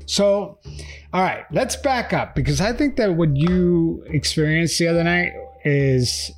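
A man's voice: fairly high pitch, expressive, unhurried, soft background music. A man hosting a true-crime podcast, narrating updates and interviewing a guest in a conversational way. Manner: conversational, reads text messages aloud. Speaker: podcast host.

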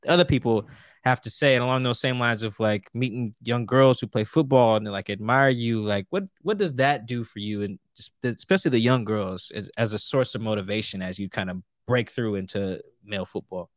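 A man hosting a podcast in a relaxed, slangy way, asking a guest questions. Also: lowish voice, brisk, no echo. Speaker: podcast host. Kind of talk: casual interview chat.

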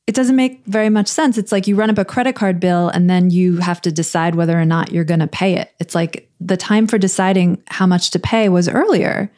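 A woman's voice: mid-range voice, darkish tone. A woman with a New York accent, co-hosting a finance podcast in a plainspoken, dryly joking way. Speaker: podcast co-host. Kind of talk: casual podcast chat.

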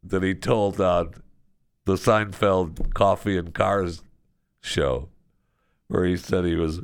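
A man hosting a radio show, chatting casually and telling a story with lively jokes from a studio. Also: deep voice, slow pace, gravelly, clear, resonant tone. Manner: animated storytelling, joking. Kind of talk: casual chat.

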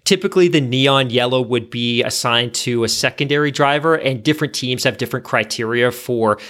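A man's voice: mid-range voice, a little fast, a bit bright. Chatty man hosting a podcast. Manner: reads listener mail aloud, chatty and self-deprecating. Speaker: podcast host. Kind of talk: casual podcast chat.

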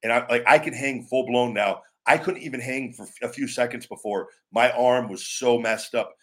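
A man's voice: mid-range voice, moderate pace. A middle-aged man hosting his own live show, chatting with viewers in a rambling way, often restarting his sentences and calling listeners brother or man, and teasing them playfully. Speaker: show host. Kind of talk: live-stream chat answering viewers.

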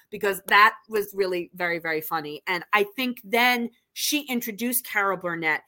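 A woman's voice: mid-range voice, expressive, brisk, hardly any pauses, sharp tone. A woman co-hosting a podcast, chatting casually and gushing with enthusiasm about an awards show. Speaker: podcast co-host. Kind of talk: casual awards recap chat.

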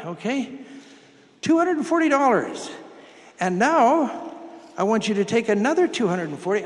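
A man with a very high voice preaches to a congregation, chatting with volunteers in a folksy way, then driving his points home with loud emphasis. His voice rings with a long hall reverb. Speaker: pastor. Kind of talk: sermon with audience participation.

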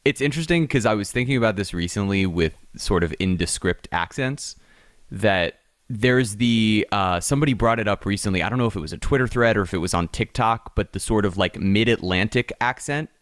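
A man's voice: on the low side, brisk, a bit bright, dry recording, studio quality. A young man co-hosting a podcast in casual chat, rambling with lots of restarts and fillers. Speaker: podcast co-host.

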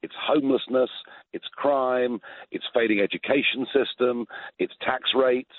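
A man's voice: medium pitch, fairly even intonation, measured pace, no room sound. A British man in his sixties giving emphatic political opinions in a radio interview, chuckling and repeating words. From England. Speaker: phone-in political guest. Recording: tinny phone line.

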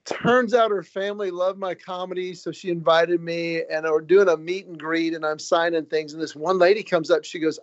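A man who is a comedian and author, telling stories as a guest in a casual, animated, joking way. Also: fairly high pitch, moderate pace, hardly any pauses, no echo. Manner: animated, joking, quotes people in their own words. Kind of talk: casual storytelling. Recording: dull, lo-fi recording.

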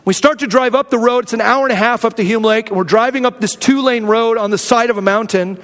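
An earnest male pastor from Arizona tells a personal story during his sermon. He talks in a candid, conversational way, full of restarts. His voice sits high, and a long reverb trails behind each phrase as in a large hall. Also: fast, a bit bright. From Arizona, USA.

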